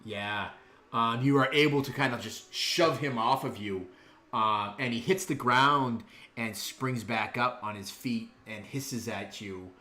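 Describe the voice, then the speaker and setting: A man's voice: mid-range voice, unhurried, sharp tone. A man narrates a tabletop game as dungeon master in a mid-range voice. He talks in a laid-back way, full of ums and little chuckles, and the recording sounds roomy and echoey.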